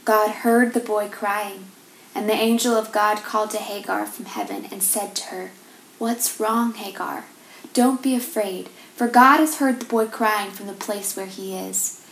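A woman giving a devotional talk, reading scripture and reflecting on it in a measured, gentle way. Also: medium pitch, fairly even intonation, slight background noise. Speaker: devotional speaker. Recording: roomy echo.

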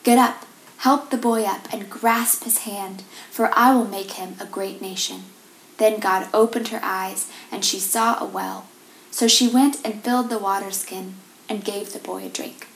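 A woman giving a devotional talk, reading scripture and reflecting on it in a measured, gentle way. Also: medium pitch, fairly even intonation, vocal fry, a little hiss or hum. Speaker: devotional speaker. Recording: roomy echo.

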